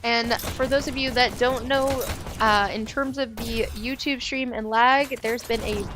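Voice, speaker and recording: A woman casting an esports match, calling plays quickly with excitement. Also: a little high. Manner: quick excited play calls. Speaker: esports caster. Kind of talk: play-by-play commentary.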